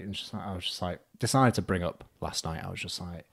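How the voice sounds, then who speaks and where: A man's voice: sits low, quick pace, hardly any pauses, slightly rough. Young man telling a story. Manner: animated storyteller, acts out both sides with "I'm just like". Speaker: podcast guest. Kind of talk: casual storytelling.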